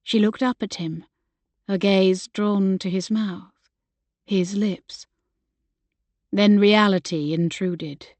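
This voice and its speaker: Slow, gentle woman narrator. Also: mid-range voice, fairly even intonation, no echo. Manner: gentle, measured. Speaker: audiobook narrator. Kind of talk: scripted narration.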